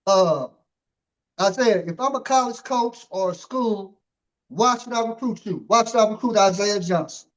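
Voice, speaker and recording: High-voiced rambling male interview host. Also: normal speed, highs cut off. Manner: rambling, loaded with "you know" and "man". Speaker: podcast host. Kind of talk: casual interview chat.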